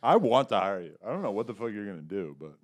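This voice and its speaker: A man's voice: lowish voice, very animated, fast. A man hosting a casual chat, easygoing and joking as he asks questions. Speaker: host.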